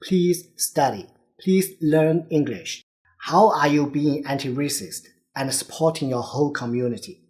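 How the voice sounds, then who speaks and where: A man's voice: fairly high pitch, measured pace, a little mellow. A man with a Chinese accent, a native Chinese speaker, giving an urgent, earnest video commentary as a vlogger. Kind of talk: direct-to-camera commentary.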